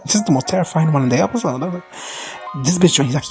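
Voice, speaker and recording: A man giving a casual, profane, rambling recap of a show, now and then jumping into high-pitched voices to quote characters. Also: a little fast, faint music behind. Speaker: recap vlogger.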